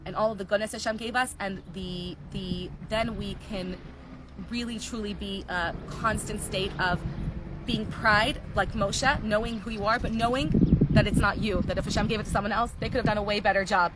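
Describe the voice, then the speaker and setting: A woman teaching a live class, telling stories in an animated, earnest way. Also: mid-range voice, moderate pace, heavy background noise. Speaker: Torah teacher.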